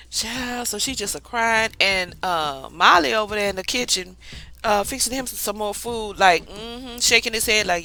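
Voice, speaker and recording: A woman reviewing a reality TV show in a casual, chatty way. She tells the story with animated asides and acts out what people said. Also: mid-range voice, normal speed, low-quality recording. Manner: drawling colloquial speech, calls the viewer 'child'. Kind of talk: casual recap vlog.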